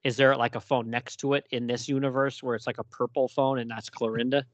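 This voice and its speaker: A man's voice: medium pitch, level tone, brisk, dry recording, highs cut off. A man hosting a casual chat about comic books, often laughing and acting out the lines he quotes. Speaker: podcast host.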